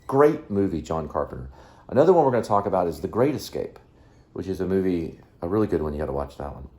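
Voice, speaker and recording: A man with a lowish voice talks loosely into his phone camera, his pitch rising and falling a lot. He wanders from one topic to the next and keeps breaking off mid-sentence. It sounds like an unscripted home vlog from an apartment. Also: big pitch swings, quick pace, darkish tone. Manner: rambling, self-interrupting, jumps between topics. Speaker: vlog host. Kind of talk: rambling casual vlog. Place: apartment indoors. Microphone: handheld phone camera selfie.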